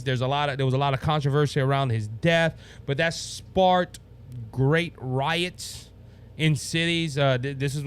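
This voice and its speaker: A podcast host from Louisiana with a Cajun accent runs a casual political talk show, his voice on the high side with a clean tone. He rambles, stumbles over words, restarts sentences and laughs at himself.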